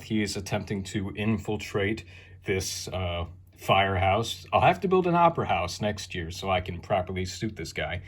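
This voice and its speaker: A man hosting a video, narrating a casual show-and-tell tour with crude, wisecracking jokes and rambling asides. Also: on the low side. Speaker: video host.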